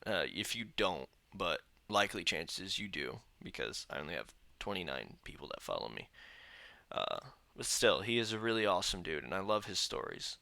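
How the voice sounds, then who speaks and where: Young male vlogger, tired and venting, crisp bright tone, phone mic in a small room. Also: low-pitched, sing-song, normal speed, dry recording. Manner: weary and grumbling, venting frustration. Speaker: reaction channel host. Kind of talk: casual vlog chat to camera. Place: indoor room, seated. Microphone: phone camera.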